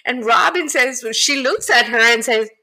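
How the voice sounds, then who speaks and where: A woman with a fairly high, bright voice talks through a reality TV episode in relaxed podcast chat. She fills in with quick yeahs and laughs while retelling the scenes. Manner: chatty, quick agreeing backchannels, laughs often. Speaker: podcast co-host. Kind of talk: casual reality TV recap chat.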